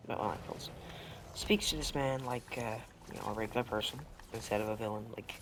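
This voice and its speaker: A man's voice: on the low side, fairly quick, noisy background. A young man gives casual gameplay commentary, rambling through a story and correcting himself as he goes. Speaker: gaming video creator. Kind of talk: casual commentary while playing and telling a story.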